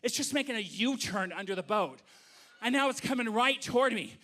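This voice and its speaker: Very high, bright-voiced male storyteller. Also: brisk. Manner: animated, comic, acts out voices. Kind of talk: live storytelling on stage. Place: stage before a live audience.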